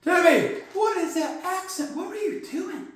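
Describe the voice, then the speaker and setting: Man doing a shrill heckler, mocking, scolding, squeaky, very echoey room. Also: measured pace. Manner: mocking, needling questions.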